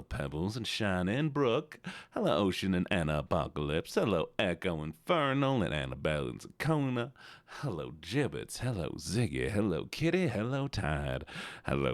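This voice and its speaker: A man's voice: low-pitched, no echo. A tired but playful man streaming live, greeting his chat one by one. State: a bit tired. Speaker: livestreamer.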